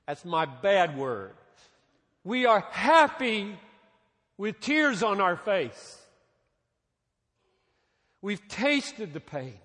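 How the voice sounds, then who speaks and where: Pastor guy preaching slow with big pauses, goes quiet then builds back up, echoey church hall. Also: high-pitched, sing-song. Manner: preaching with dramatic pauses, dropping soft then rising. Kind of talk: sermon. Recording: reverberant hall.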